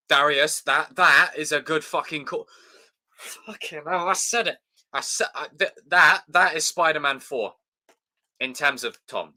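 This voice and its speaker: A man chatting casually on a live stream, excitable and swearing freely as he talks to his chat. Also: mid-range voice.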